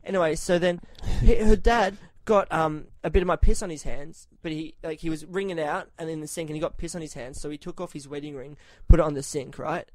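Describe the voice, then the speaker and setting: A man's voice: on the high side, brisk, few pauses, dry recording. A man from Australia telling a story on a podcast in casual chat, swearing a lot and raising his voice when he quotes himself. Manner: profane, animated, shouts when quoting himself.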